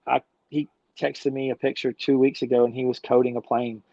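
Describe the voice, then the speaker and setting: A man's voice: mid-range voice, flat delivery, brisk, gravelly, mellow, no echo. A middle-aged man talking as a guest in a casual interview, an enthusiastic, slangy storyteller who rambles along. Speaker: guest, business founder. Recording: dull dry lo-fi sound.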